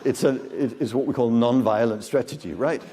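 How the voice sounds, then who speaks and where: A man's voice: mid-range voice, a little fast, warm tone, a little hiss or hum. Man in his fifties lecturing in a reverberant hall. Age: 50s. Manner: conversational, joking, quizzes the audience. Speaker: conference lecturer. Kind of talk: live lecture to an audience. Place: large conference hall.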